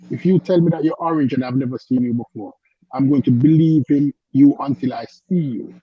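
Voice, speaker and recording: A man's voice: mid-range voice, slightly rough, no room sound, lo-fi sound. A man with a French accent, a caller on a live online panel, arguing insistently and repeating himself to make his point. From French-speaking.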